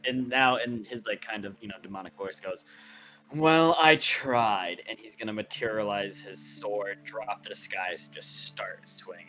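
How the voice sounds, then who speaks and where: A man playing in a tabletop game, calmly describing what his character does. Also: fairly low pitch, moderate pace, hardly any pauses, soft background music. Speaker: player. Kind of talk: casual tabletop play chat.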